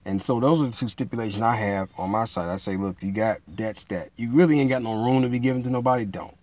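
A man preaching in a relaxed, conversational way, repeating himself and building to emphatic peaks. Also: fairly low pitch, fast talker, no room sound. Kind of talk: informal sermon teaching.

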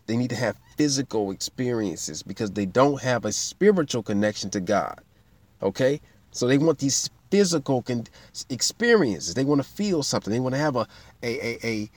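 Guy preaching a sermon, punchy and emphatic, gets loud then drops low. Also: no room sound. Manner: emphatic, swings from loud preaching to quiet asides.

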